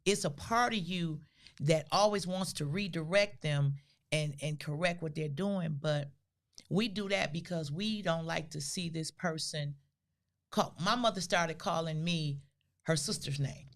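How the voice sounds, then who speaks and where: Casting: older woman, gravelly, lowish voice, animated storyteller on a podcast. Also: a little slow. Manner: animated storyteller who acts out quotes. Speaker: podcast co-host. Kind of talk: casual storytelling conversation.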